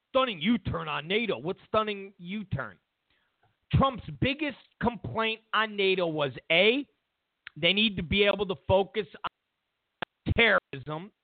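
A man's voice: high-pitched, creaky, no echo. Emphatic man on a tinny line. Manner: emphatic, mocking, repeats himself. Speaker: host. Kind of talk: political commentary monologue. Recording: dry, tinny phone-like sound.

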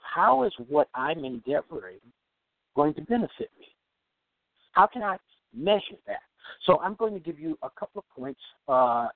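An emphatic man gives a motivational talk, his voice swinging widely in pitch with a gravelly edge. He slows down to repeat key phrases. The sound is dry and tinny, like a phone line. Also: no room sound. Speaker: podcast host and self-improvement speaker.

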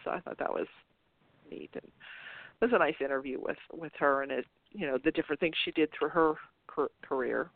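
With a low-pitched voice and some vocal fry, the host speaks briskly about soap operas on a casual internet radio show. Her chatter rambles, restarts and breaks into laughter, carried over a tinny, dry phone line that has no echo.

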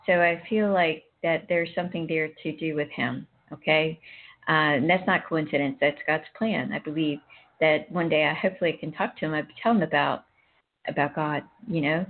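A woman recounts a personal faith story in casual conversation, circling back often and restarting her sentences. Her voice sits a little low, and it comes through a thin, phone-like line. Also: fairly even intonation, moderate pace. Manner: emotional, rambling, frequent restarts. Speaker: guest sharing a personal story.

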